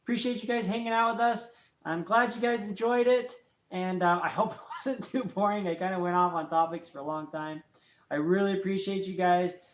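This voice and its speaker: Guy in his 30s rambling thanks at the end of a livestream, friendly, easygoing. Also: high-pitched. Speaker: channel host. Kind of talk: casual livestream chat.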